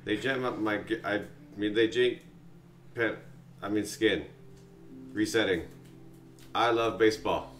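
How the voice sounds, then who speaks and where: A man's voice: fairly low pitch, a little slow, long pauses, fairly bright tone, faint music behind. A man playing an android pretending to be human, stiffly correcting itself mid-word. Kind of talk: character introduction in a board game. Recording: echoey room, voice from a distance.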